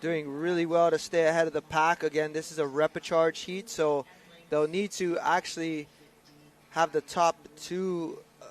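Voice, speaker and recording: A man's voice: a little high, little pitch movement, normal speed. A man with a slightly raised voice does live sports commentary on a canoe race. He sounds upbeat as he runs through the lanes and crews.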